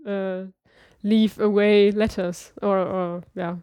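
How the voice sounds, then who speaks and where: Flat-voiced woman, tentative learner. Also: medium pitch, takes it slowly, smooth, dry recording, studio quality. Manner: tentative, thinking aloud. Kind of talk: casual chat.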